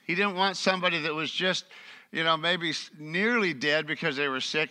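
A man's voice: on the high side, normal speed, pushed and bright. A middle-aged male pastor preaching a sermon in church, reading scripture aloud and asking the congregation questions.

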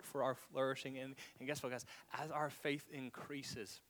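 A man preaching with a bright, forceful voice. He stumbles over repeated words and sinks to a whisper for effect. His delivery is earnest and conversational. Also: mid-range voice, level tone, moderate pace. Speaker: pastor. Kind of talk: sermon.

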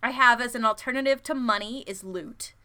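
A woman's voice: fairly high pitch, brisk, pushed and bright. A young woman chatting casually as a podcast co-host, laughing often and playing with words. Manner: giggly, filler-heavy, playful with words. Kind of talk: casual chat.

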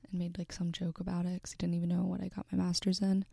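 A young woman in her twenties telling a personal story in an earnest, halting way, with many fillers and restarts, often dropping to a breathy near-whisper. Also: fairly low pitch, completely flat delivery, dark tone, dry recording, studio quality.

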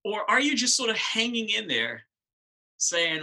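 A middle-aged man preaching in a lively, conversational way, throwing questions out to his listeners. His voice is husky and very bright, and it sits fairly high for a man. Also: unhurried, poor audio. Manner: animated, conversational, asks the congregation questions. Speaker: pastor. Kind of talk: sermon.

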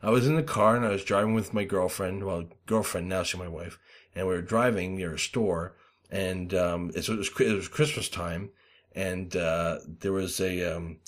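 A man hosting a loose podcast chat in a lowish voice. He rambles through stories with lots of fillers and swears, and bursts into loud, acted-out quotes. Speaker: podcast host.

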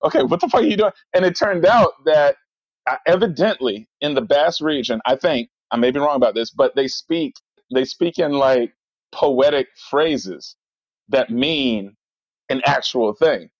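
A man's voice: mid-range voice, a little slow, no room sound. A man talking loosely and animatedly, circling back with fillers and false starts. The sound is dry and close, a little dull in the top end. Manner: rambling, animated storyteller with many fillers. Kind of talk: casual chat.

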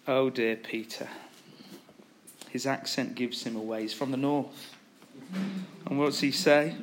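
A man preaching a sermon, retelling a story with animated, acted-out quotes. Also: medium pitch, unhurried, long pauses.

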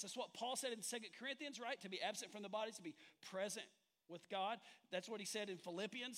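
A man's voice: sits high, brisk, fairly bright tone. A male pastor preaching a sermon in a church sanctuary, talking conversationally and drawing the congregation in with questions and jokes.

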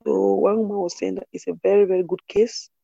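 A woman recounts her life in an interview, earnest and halting, often restarting her sentences. Her voice is dark and husky. The recording is dry, slightly muffled and lo-fi. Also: mid-range voice, flat delivery, dry recording. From Cameroon. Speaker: interview guest. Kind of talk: personal testimony in conversation.

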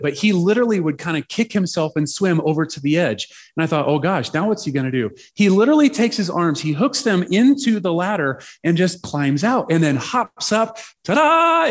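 A man preaching through a personal story, chatty and animated with playful asides. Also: sits high. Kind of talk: storytelling sermon.

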